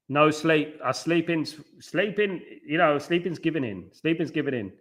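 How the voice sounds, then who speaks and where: A man with a bright, forward voice hosts a live football watchalong from his home in the small hours. He rambles between the match and the viewers' comments, reading them out and answering each one. He is blunt and scornful about the football. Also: a little high, lively intonation, normal speed, hardly any pauses. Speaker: watchalong host.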